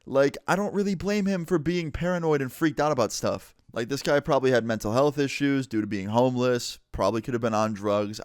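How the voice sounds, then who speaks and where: A man's voice: on the low side, clear, resonant tone, dry recording, clean studio sound. A young man in a vlog, telling a personal story in a casual, filler-heavy way. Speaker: vlogger.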